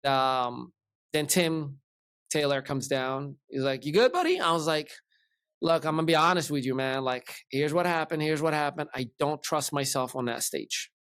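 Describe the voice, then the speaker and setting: In a clean studio recording with no room sound, a male podcast host animatedly relates a long story, casually voicing the people in it. His voice is smooth and a little high, at normal speed.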